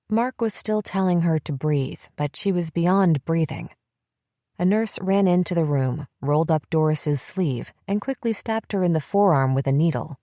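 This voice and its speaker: A woman reading a psychological thriller audiobook in steady, measured first-person narration. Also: low-pitched, no echo, studio quality.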